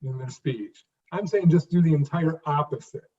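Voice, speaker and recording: A man in his fifties, an interview guest, speaking in a halting way with restarts and repeated words, then landing his phrases with emphasis. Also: a little high, a little mellow, a little hiss or hum. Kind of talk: conversational interview. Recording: distant, dull lo-fi sound.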